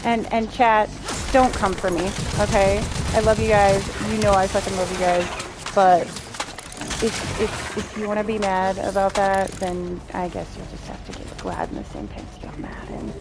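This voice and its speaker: A woman's voice: mid-range voice, animated, moderate pace, noisy background. A young adult woman streaming, chatting casually, blunt, profane and sarcastic. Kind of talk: casual chat while playing. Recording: faint game music behind.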